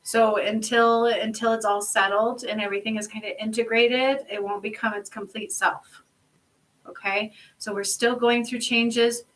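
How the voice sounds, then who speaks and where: Bright-voiced woman reading oracle cards. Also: a little high, level tone, moderate pace, far from the mic, low-quality recording. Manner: emphatic, chatty, swears casually, keeps asking "okay?". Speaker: spiritual healer and card reader. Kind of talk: casual oracle card reading to viewers.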